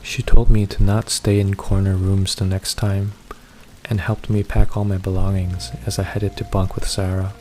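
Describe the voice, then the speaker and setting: A man narrating a first-person horror story in a steady, measured reading. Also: low-pitched, soft background music.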